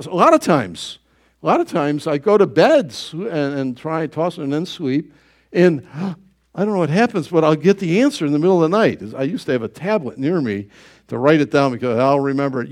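A man's voice: a little high, expressive, normal speed, darkish tone. A middle-aged male pastor preaching a sermon in a folksy storytelling way, acting out his own thoughts in quoted asides.

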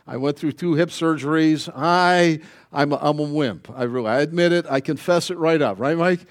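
A middle-aged man preaching a sermon in a joking, animated way, acting out little voices as he goes. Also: a little high, moderate pace. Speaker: pastor.

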